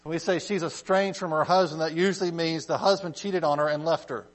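A man leads a casual Bible study in a fairly high voice, reading verses and then unpacking them. He talks conversationally with animated emphasis and keeps asking "okay?" and "right?". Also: brisk. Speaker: Bible teacher.

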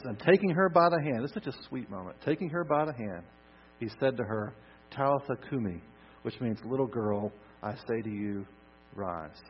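A man preaching a sermon, swinging from loud emphasis to soft, hushed lines. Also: mid-range voice, breathy edge. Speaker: pastor. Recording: dull lo-fi recording with mains hum.

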